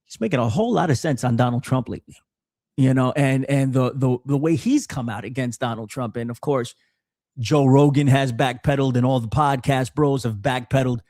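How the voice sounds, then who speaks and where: A man hosting a podcast, giving casual political commentary in an animated way with frequent stammered restarts. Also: medium pitch, brisk, no echo, clean studio sound. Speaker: podcast host.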